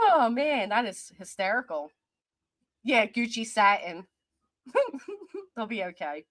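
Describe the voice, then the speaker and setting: A middle-aged woman hosting a livestream, reading viewer comments aloud and answering them in a mocking, defiant way, quick to laugh. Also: on the high side, big pitch swings, a bit bright, no echo. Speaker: commentary channel host.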